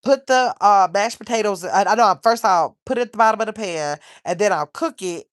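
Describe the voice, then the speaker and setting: The livestream host is a middle-aged woman who rambles casually and reads viewer comments aloud. She has a mid-range voice and speaks a little fast. There's no room sound, just clean studio audio.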